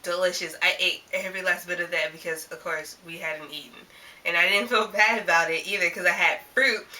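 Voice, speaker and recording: A woman vlogger recounting a story in casual, animated chat, filling her sentences with "like". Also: fairly low pitch, fairly quick. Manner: rambling and animated, constant "like" fillers. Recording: voice a little distant from the mic.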